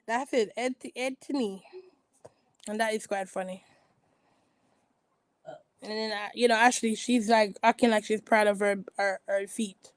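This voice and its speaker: Woman recap vlogger, higher-pitched, dry close sound; casual, gossipy, rambling delivery. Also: fairly even intonation, a little slow, long pauses, clean tone, dry recording, rough recording. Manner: rambling, gossipy, frequent restarts. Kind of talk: casual chatty commentary.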